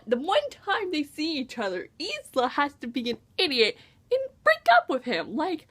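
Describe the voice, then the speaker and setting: A young woman talks through a novel in a casual vlog. Her voice sits high and swoops up and down, with a gushing, exasperated manner and many exclamations. She sounds like an excited fan venting about the story. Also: unhurried. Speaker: book reviewer. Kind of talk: casual book review vlog.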